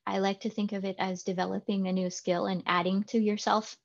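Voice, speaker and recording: A woman's voice: medium pitch, level tone, a little fast, gravelly. Chatty Californian woman teacher, dull audio. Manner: chatty, explains with examples and jokes. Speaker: English pronunciation teacher. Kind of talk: casual chat.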